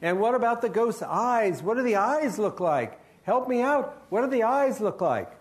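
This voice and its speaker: A man's voice: high voice, big pitch swings, moderate pace. A man in his sixties, a children's author, telling a ghost story live and coaxing the young audience to call out answers. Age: 60s.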